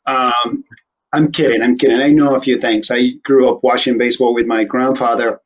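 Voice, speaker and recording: Brief: male host, mid-pitched voice, rambling jokey banter, slightly muffled recording. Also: steady tone, normal speed. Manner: joking, rambling, laughs often. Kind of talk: casual interview chat. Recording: slightly dull audio.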